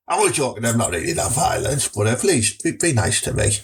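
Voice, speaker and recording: Comic host: Teesside man, husky, fairly high and animated, boastful and foul-mouthed. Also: a little fast, few pauses. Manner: crude, boastful, jokey. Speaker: podcast host. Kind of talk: comic monologue answering listener questions.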